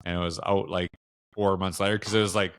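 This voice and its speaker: A man's voice: low-pitched, level tone, fairly quick, clear, resonant tone. Chatty middle-aged Canadian man. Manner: rambling, lots of fillers and restarts, acts out quoted dialogue. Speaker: podcast guest, education speaker. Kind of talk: casual interview chat.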